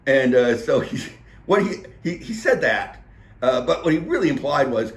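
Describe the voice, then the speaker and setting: A man's voice: medium pitch, very animated, moderate pace. A man casually recapping a meeting, full of fillers and acting out what people said. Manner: chatty, filler-heavy, acts out quotes. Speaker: local government meeting recapper. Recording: roomy echo.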